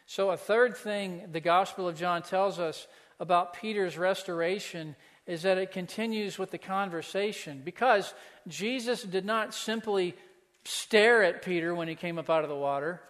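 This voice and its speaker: High-voiced pastor preaching in a reverberant hall. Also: male voice, moderate pace, a bit bright. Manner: earnest preaching with rhetorical questions. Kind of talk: sermon.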